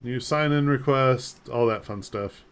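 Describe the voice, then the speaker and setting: A man's voice: medium pitch, measured pace, smooth. Casual man chatting on a live game stream. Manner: rambling, self-deprecating, reads chat aloud and answers.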